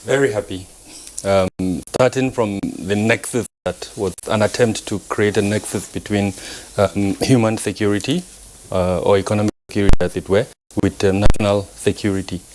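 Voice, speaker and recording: A man speaking as a security analyst guest on a live news panel, measured and hesitant, with many fillers and restarts. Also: lowish voice, fairly even intonation, a little mellow, a little hiss or hum, rough recording. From Nigeria.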